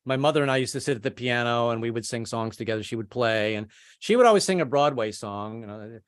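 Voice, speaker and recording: A man's voice: mid-range voice, fast talker, clear, resonant tone, no room sound. Male stand-up comic, rambling delivery with frequent restarts, dry close mic. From American, family from Kentucky. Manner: rambling, repeats words, acts out voices. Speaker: stand-up comedian. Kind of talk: stand-up comedy set.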